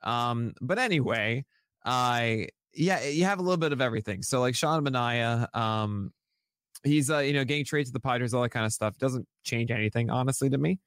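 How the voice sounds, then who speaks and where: A man's voice: medium pitch, moderate pace, fairly bright tone, smooth, dry recording, clean studio sound. A man co-hosting a fantasy baseball podcast, talking in a casual, enthusiastic and jokey way.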